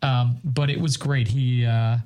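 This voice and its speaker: Guy from northern ireland chatting on a podcast, medium pitch, excited and rambly, lots of ums. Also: unhurried. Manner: chatty, enthusiastic, rambling with fillers. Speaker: podcast co-host. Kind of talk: casual chat.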